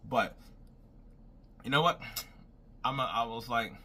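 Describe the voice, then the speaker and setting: A young man with a mid-range voice talks slowly and sharply, rambling casually on his own as a wrestling commentator. He thinks aloud while making predictions, repeatedly saying "I was like."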